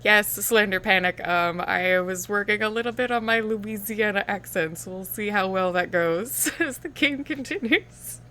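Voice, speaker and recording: A woman's voice: mid-range voice, moderate pace, few pauses, pushed and bright. A woman chatting and teasing as a player in a tabletop game session. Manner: laughing, teasing. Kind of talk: casual group chat.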